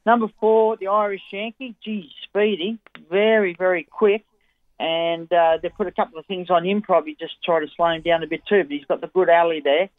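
A man's voice: high-pitched, fairly even intonation, brisk, no echo. A man with an Australian accent giving chatty, enthusiastic racing tips on radio. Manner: chatty, enthusiastic form analysis. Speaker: racing tipster. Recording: tinny phone-line audio.

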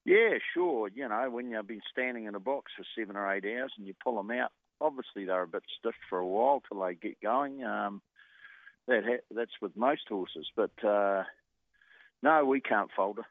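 A man's voice: on the low side, moderate pace, no echo. A man who trains horses, answering a radio interview by phone in short, plain-spoken replies with many fillers. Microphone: telephone. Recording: tinny dry phone line.

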